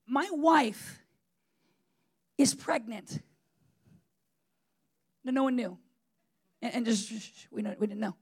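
A man's voice: extremely high pitch, takes it slowly, long pauses, slightly rough. A man preaching a sermon in a conversational, emphatic way, with frequent fillers and restarts.

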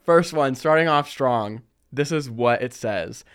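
A young man hosting a casual chat, reading listener stories and telling his own with lively slang and frequent laughter. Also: medium pitch, measured pace, clean tone. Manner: animated, laughs often, chatty slang. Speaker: podcast host.

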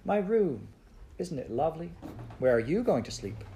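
A man reading a storybook aloud and voicing an eager, lively little girl with bright, excited exclamations. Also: on the low side, brisk, slight background noise. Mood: delighted.

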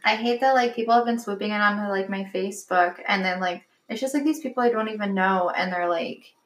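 A woman's voice: medium pitch, a little fast, roomy sound. A young woman in casual chat, telling stories full of "like" and acting out what others said. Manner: chatty storyteller, many "like" fillers, acts out quotes.

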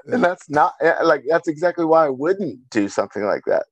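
A man's voice: medium pitch, fast talker, dry recording, highs cut off. A young man co-hosting a casual podcast chat, telling a story and laughing often as he goes. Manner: laughs through a storytelling rant.

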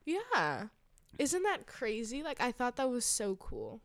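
A young woman co-hosting a podcast, telling stories in a casual, animated chat with quick asides and swearing. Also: fairly high pitch, no echo. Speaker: podcast co-host.

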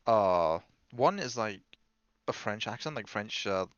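A man's voice: on the low side, animated, unhurried, clear, resonant tone, no room sound, muffled recording. A young man co-hosting a podcast in casual chat, teasing his friends and swearing freely. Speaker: podcast co-host.

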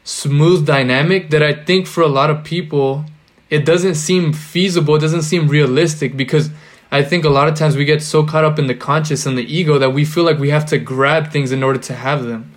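A man's voice: a little high, steady tone, normal speed. A young man in casual podcast chat, rambling with lots of filler words and loose slang. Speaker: podcast guest or co-host.

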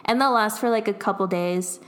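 A woman's voice: mid-range voice, brisk, a bit bright. A young adult woman in casual chat, telling a personal story in a rambling way, full of fillers and laughs. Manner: rambling, lots of "like", laughs often.

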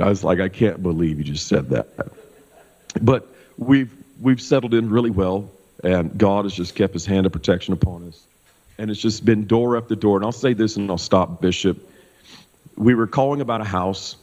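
A middle-aged pastor from Kansas telling a personal story in a loose, animated way, full of fillers. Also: male voice, lowish voice. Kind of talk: casual storytelling testimony. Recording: dull sound with long hall reverb.

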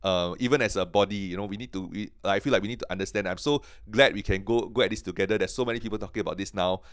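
A man's voice: on the low side, clean tone, no echo. Guy on a podcast teaching bible stuff, earnest, keeps restarting his words, dry close mic. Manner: earnest, halting, many restarts and repeated words; grows excited and emphatic.

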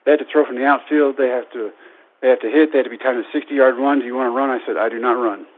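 Guy in his 30s telling his story, pokes fun at himself, mid-pitched voice, tinny radio sound. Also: fast talker. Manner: self-deprecating, animated storyteller. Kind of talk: storytelling speech.

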